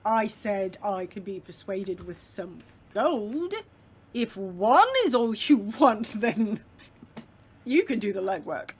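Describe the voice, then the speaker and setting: A woman voicing a grumpy, greedy male lumber merchant who haggles gruffly. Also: medium pitch, animated, slow pace. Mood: grumpy haggling. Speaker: game master.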